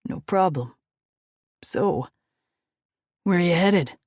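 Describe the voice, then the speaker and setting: A woman's voice: lowish voice, animated, drawn-out words, darkish tone, dry recording, studio quality, pitched above the performer's own voice, heavily acted. A woman voicing a charming biker with a slight Italian accent. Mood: reassuring.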